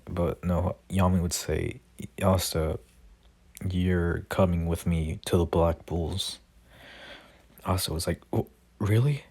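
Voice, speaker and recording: Husky, low young male storyteller; slow, rambling, filler-heavy casual delivery. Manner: rambling, many fillers and restarts; reads character lines quietly without voices. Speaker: fan storyteller. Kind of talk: casual fan-fiction retelling.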